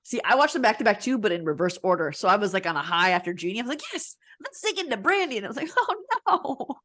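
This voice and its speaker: A woman in her thirties co-hosting a casual podcast chat. She talks in a relaxed, chatty way and laughs often. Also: medium pitch, rapid-fire. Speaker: podcast co-host.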